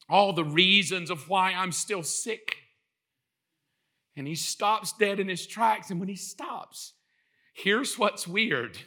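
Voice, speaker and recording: A man preaching a sermon in an animated way, acting out the voices in his story and building to impassioned shouts. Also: sits high, measured pace.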